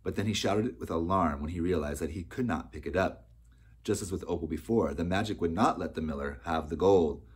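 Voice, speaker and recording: This is scripted narration from a male audiobook narrator with a very deep, faintly husky voice. He moves through the storybook steadily and without rushing, holding an even tone throughout.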